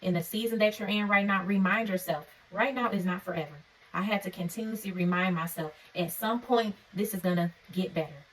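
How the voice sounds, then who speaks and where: A woman giving an encouraging faith-based talk to camera, earnest and preacherly, often checking in with her listeners with a quick "okay?". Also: medium pitch, fairly bright tone, distant mic, low-quality recording. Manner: conversational and informal. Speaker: faith vlogger. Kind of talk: encouraging devotional vlog talk.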